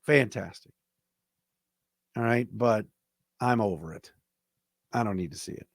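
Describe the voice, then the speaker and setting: A man's voice: lowish voice, a little slow, gravelly, no room sound, studio quality. A man hosting a solo sports podcast, giving blunt, emphatic opinions in casual commentary. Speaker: podcast host.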